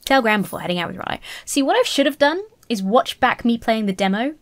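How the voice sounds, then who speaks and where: A woman's voice: fairly high pitch, animated, fast, slight background noise. A woman playing a story game, chatting casually and emotionally, often giggling, and reading lines aloud. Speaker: let's play streamer. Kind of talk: casual let's play commentary, reading character lines aloud. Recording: game music playing underneath.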